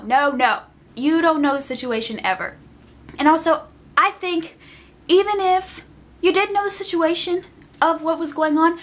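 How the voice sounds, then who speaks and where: A young woman vlogger ranting casually, exasperated and emphatic, often repeating herself for effect. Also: sits high. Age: young adult.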